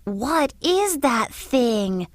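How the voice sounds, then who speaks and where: A woman's voice: very animated, very slow, no room sound, exaggerated voice. A woman voicing a frightened young boy who stammers in surprise. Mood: worried. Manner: startled, stammering, high. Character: scared, curious young boy explorer.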